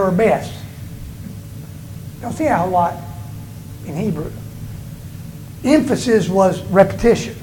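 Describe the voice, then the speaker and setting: The audio is poor, with a little hiss or hum. A man with a very high-pitched voice preaches in church, giving a forceful sermon that rises and falls and slows wherever he puts emphasis.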